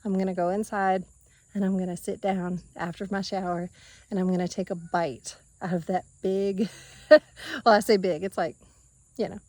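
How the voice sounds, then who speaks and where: Woman vlogger, gushing and teary, mid-pitched voice, dry close sound, easy casual delivery. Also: fairly even intonation, darkish tone, no room sound. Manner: emotional, gushing, laughs often, halting restarts. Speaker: homesteading vlogger. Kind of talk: casual heartfelt monologue. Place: outdoors at a farm orchard.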